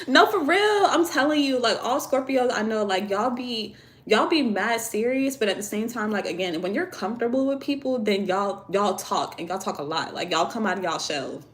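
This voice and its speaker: A woman's voice: mid-range voice, slight background noise. A young woman hosting a casual livestream on her phone, chatty, candid and slangy, laughing often. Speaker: livestream host, tarot and oracle deck creator. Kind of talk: casual livestream chat reading viewer comments.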